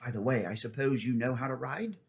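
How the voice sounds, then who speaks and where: A man's voice: medium pitch, lively intonation, creaky. A man reading as a proud, scornful talking war horse. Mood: persuasive. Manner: brisk, commanding, a little contemptuous. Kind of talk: audiobook character voice.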